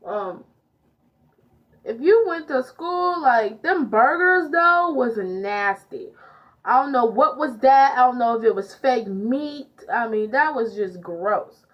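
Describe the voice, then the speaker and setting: A woman's voice: fairly high pitch, animated, slow pace. A teenage girl telling a storytime vlog, chatty and full of fillers as she retells it. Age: teens. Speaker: vlogger. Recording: dull lo-fi audio.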